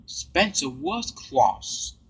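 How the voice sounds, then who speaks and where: A man narrating a fan-made toy-train storybook tale in a plain, slightly halting reading. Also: medium pitch, big pitch swings, a bit bright, breathy edge, low-quality recording.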